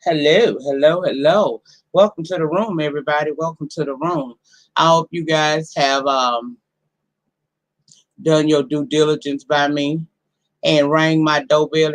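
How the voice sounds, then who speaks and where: Hosting a casual home live stream, this low-pitched woman in her forties sounds hoarse from a cold. She speaks to her viewers directly with a sassy, profane edge.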